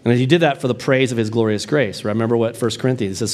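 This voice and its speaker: A man preaching a sermon, reading scripture in a low, slow voice and rising when he presses a point. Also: darkish tone. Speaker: pastor.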